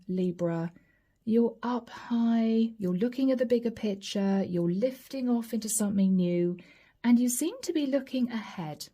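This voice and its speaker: A woman giving a channeled tarot reading to camera, gentle and encouraging, speaking straight to her viewers and breaking into soft laughs. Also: a little high, slightly rough. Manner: often breaks into light laughs and soft asides. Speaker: tarot reader.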